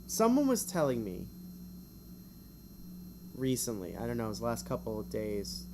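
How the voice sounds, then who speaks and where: A man's voice: mid-range voice, wildly swooping pitch, background noise. Chatty man reading a gamebook on stream. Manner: chatty, rambling asides, quick to laugh at himself. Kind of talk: casual stream narration with asides.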